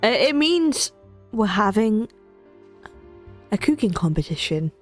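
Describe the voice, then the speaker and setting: Excitable woman streamer reacting. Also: mid-range voice, slow, faint music behind. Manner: excitable, chatty, stumbles and repeats. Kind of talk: casual gameplay reaction.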